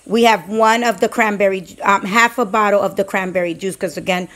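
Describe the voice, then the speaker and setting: A woman's voice: mid-range voice, steady tone, fairly quick, fairly bright tone, slight background noise. A woman talking casually through her cooking on a home vlog, chatty and rambling with many fillers. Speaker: couponing vlogger.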